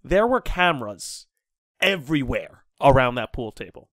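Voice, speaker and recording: A young man hosting a podcast, telling a college story with lively quoted voices and frequent laughter. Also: mid-range voice, moderate pace, no room sound, studio quality. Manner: animated storyteller, acts out quotes, laughs a lot. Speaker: podcast host. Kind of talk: casual storytelling chat.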